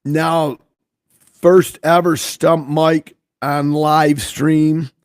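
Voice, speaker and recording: A man with a fairly high voice, co-hosting a relaxed podcast. He swears casually and teases himself. The sound is dry and close. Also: drawn-out words, dry recording. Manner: swears casually, self-mocking. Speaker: podcast co-host. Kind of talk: casual chat.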